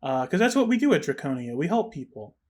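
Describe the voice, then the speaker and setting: An earnest woman traveler who coaxes and rambles, trailing off mid-sentence, as a man puts her on for a tabletop game. The voice sits a little high. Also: big pitch swings, fast. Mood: reassuring. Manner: coaxing, rambling, self-interrupting. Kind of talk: tabletop game role-play.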